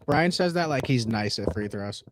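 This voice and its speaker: A man's voice: medium pitch, animated, moderate pace, a crowd in the background. A man co-hosting a sports betting livestream in loose, profane, joking casual chat. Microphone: home setup streaming over the internet.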